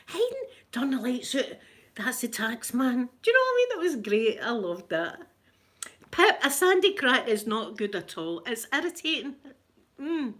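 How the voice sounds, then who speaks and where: A Scottish woman with a rough voice, chatting casually and laughing as she tells stories to viewers on a live stream. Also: fairly high pitch, big pitch swings, moderate pace, fairly bright tone. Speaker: livestream host chatting with viewers.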